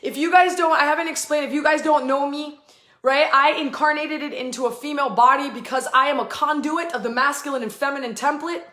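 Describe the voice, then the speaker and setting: A woman hosting a live spiritual channeling session, fast and emphatic, with swearing, and breaking into chanted invented syllables. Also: high-pitched, fairly bright tone. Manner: fast, emphatic and effusive, with profanity; chants stretches of made-up syllables. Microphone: live online video stream. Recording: echoey room.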